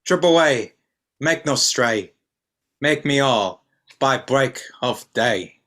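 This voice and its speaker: Guy reading a stately king, bright tone, mid pitch, trips over words sometimes. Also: lively intonation, slow pace. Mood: solemn. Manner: reads verse with frequent stumbles and repeated words. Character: Theseus, a stately duke, and Oberon, a fairy king. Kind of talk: amateur online play reading.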